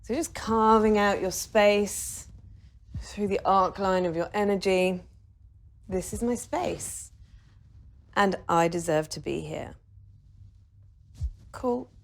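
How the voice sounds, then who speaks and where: A woman's voice: mid-range voice, steady tone, slow pace, gravelly, long pauses. A woman leading a casual guided meditation in a chatty, joking way, laughing and swearing now and then. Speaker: meditation teacher. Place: video shoot with a videographer.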